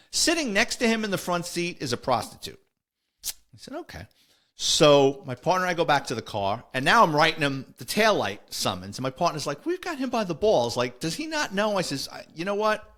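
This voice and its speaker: New man telling cop stories. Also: mid-range voice. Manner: animated, acts out the people he quotes. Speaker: retired police officer telling stories. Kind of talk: casual storytelling.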